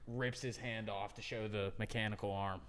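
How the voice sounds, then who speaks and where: A man's voice: lowish voice, fairly even intonation, moderate pace, over a noisy crowd. A young man chatting on a podcast as a guest, sharing fun facts. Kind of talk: casual podcast chat.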